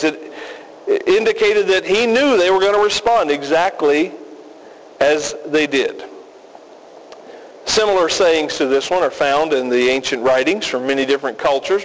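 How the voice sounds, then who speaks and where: A man preaching a sermon as pastor, emphatic and deliberate with folksy asides, recorded in a reverberant hall. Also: a little high.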